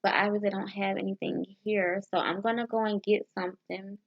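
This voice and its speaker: A woman vlogging casually as she practices foreign phrases, sounding them out haltingly with restarts and nervous, self-deprecating asides. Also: mid-range voice, level tone. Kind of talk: casual language practice vlog. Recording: dull lo-fi sound.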